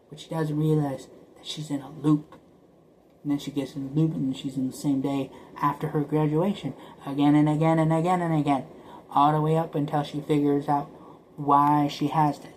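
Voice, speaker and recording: A man's voice: on the high side, level tone, normal speed, darkish tone, slight background noise, poor audio. A man talking to camera in a rambling, casual monologue, often repeating and stuttering over words and now and then dropping to a whisper. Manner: drops to whispers at times. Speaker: vlogger.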